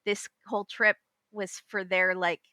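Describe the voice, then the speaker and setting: A woman's voice: medium pitch, flat delivery, measured pace, pushed and bright, no room sound, studio quality. A woman guest on a podcast, chatting casually with wry, joking asides over a video call. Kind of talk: casual chat.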